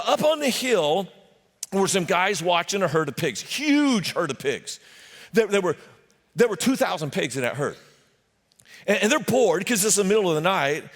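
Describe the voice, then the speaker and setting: Animated preacher man in a reverberant hall. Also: sits high. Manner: animated storytelling, acting out voices and jokes. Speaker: pastor. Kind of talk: sermon. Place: church sanctuary.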